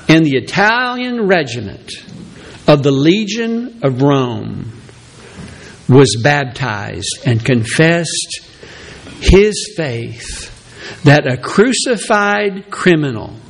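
Male pastor, high and lively voice, slow deliberate sermon delivery. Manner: animated preaching, acts out Peter's reluctant excuses in a high voice.

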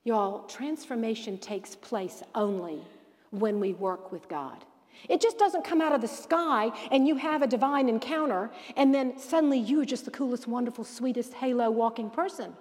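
A woman with a fairly high voice leads a Bible lesson in a preaching style and tells her stories with animation. She acts out the dialogue for her listeners. Her voice rings with the long reverb of a large hall. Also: normal speed. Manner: animated storyteller who acts out quoted dialogue. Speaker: Bible study teacher.

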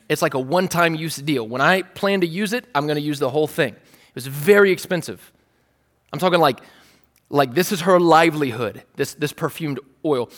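A male pastor preaching a sermon in a conversational, playful style, acting out the scenes he tells. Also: on the high side. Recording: long reverb of a large hall.

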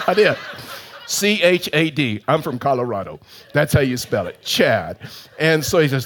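A male pastor preaches in a relaxed storytelling way, poking fun at himself as he goes. His voice sits a little higher than most men's, and he often loops back with "and so" before pushing on. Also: moderate pace, pauses often. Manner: chatty and self-mocking, many "and so" restarts. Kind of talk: humorous sermon storytelling.

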